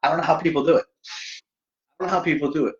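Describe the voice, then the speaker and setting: Talking at a racing clip in a steady tone, this livestream host has a voice on the high side. He's a middle-aged man streaming casually from home, poking fun at himself and speaking straight to his audience, with dull-sounding audio.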